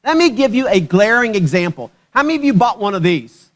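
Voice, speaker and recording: A man's voice: sits high, big pitch swings, a little fast, fairly bright tone. A male pastor giving a sermon at a church service, conversational and joking, often putting questions to the congregation.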